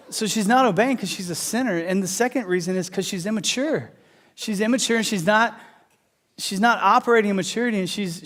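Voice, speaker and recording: High-voiced pastor telling lively stories. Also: male voice. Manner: animated, conversational storytelling. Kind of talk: sermon.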